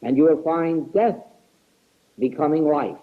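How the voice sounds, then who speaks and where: A man's voice: a little high, a little slow, phone-quality sound. A man giving an earnest spiritual lecture, stressing key words again and again, heard on an archival tape recording. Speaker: spiritual teacher.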